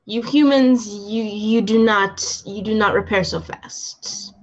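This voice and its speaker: A woman's voice: mid-range voice, slow, a little hiss or hum, lightly acted. A woman voicing a beefy, menacing male werewolf thug in a clumsy put-on heavy Russian accent, on a dull lo-fi recording. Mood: mocking.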